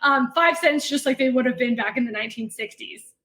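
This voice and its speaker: A woman's voice: high voice, fairly quick, sharp tone, roomy sound. A young adult woman chatting as a podcast guest, explaining things step by step. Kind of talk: casual interview chat.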